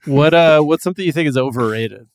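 A man co-hosting a podcast, dropping wry, deadpan jokes in casual chat. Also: on the high side, fast talker, no echo, studio quality. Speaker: podcast co-host.

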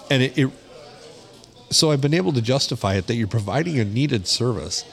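A man's voice: mid-range voice, animated, fairly quick, vocal fry. A man with a Michigan accent, co-hosting a podcast in blunt, matter-of-fact casual chat. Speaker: podcast co-host.

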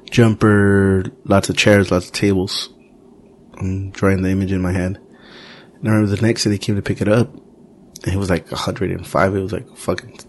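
A man's voice: deep voice, a little hiss or hum. A man hosting a podcast in casual chat, telling loose, profane stories and acting out the quotes. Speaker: podcast host.

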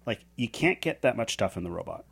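A man's voice: lowish voice, big pitch swings, brisk, gravelly, fairly bright tone, breathy edge. A middle-aged man co-hosting a radio show, rambling and joking in casual chat. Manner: rambling, jokey, slips into silly voices.

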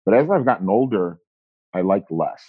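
A man in his forties talking casually as an interview guest, rambling and self-deprecating, quick to laugh. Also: low-pitched, expressive, husky, dry recording, phone-quality sound. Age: 40s.

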